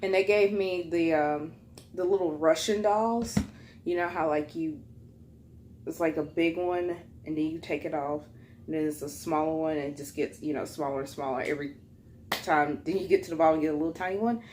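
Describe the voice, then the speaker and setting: A young woman chats through a casual mukbang storytime, filling her sentences with fillers. Her voice sits a little low, and she jumps higher when she quotes people. Faint room noise hums under her voice. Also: steady tone, fairly quick, darkish tone. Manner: chatty, many fillers, acts out quotes in a higher voice. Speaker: vlogger.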